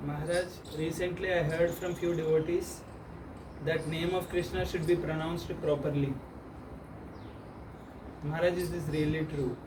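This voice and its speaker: A man, a devotee, haltingly and politely asking the teacher a question. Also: fairly high pitch, little pitch movement. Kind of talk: audience question. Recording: distant mic, clear hiss.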